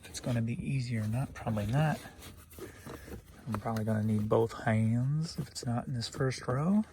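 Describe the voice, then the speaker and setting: A man's voice: mid-range voice, dark tone, a little hiss or hum. A man from St. Louis, Missouri, an eBay reseller who chats easygoingly in a casual vlog. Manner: easygoing and chatty, with quick asides.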